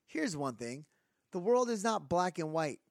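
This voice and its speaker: A man co-hosting a casual podcast, rambling through an animated rant full of fillers. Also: high voice, measured pace, gravelly, no room sound, clean studio sound. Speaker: podcast co-host.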